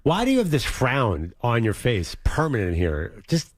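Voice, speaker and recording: A man's voice: mid-range voice, huge pitch swings, moderate pace, slight background noise. A man co-hosting a radio show, asking wry teasing questions. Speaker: radio co-host. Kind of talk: casual radio chat.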